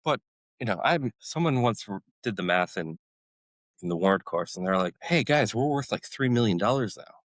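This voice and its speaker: Male guest, 40s, ex-military medic, low-pitched, dry close mic, animated storyteller. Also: brisk, no echo, rough recording. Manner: animated storyteller, acts out his own past outbursts. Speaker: podcast guest, former special forces medic. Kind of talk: storytelling interview.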